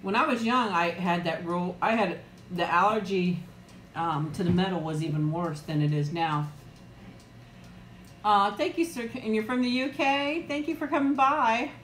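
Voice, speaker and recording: A woman's voice: mid-range voice, normal speed, a bit bright, roomy sound, a little hiss or hum. A middle-aged woman chatting casually on a live eating stream, greeting viewers by name and laughing often. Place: room at home. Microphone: new external mic, close.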